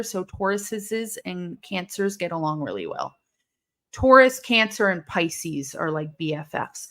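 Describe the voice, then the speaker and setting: A medium-pitched woman hosts a live watch-along, keeping things casual as she responds to chat messages and suddenly gets excited over what's happening on screen.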